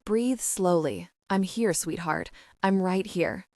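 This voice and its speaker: A protective middle-aged mafia boss read by a woman murmurs soft, repeated reassurances. The voice sits fairly low and speaks gently. The audiobook recording is close and dry. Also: unhurried, no room sound. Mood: tender, soothing. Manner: soft, soothing, repetitive reassurance.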